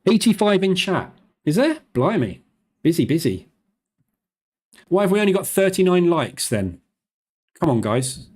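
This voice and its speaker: A man hosting a live trading stream, talking fast in a chatty, loose way with plenty of fillers. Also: high voice, big pitch swings, darkish tone, husky.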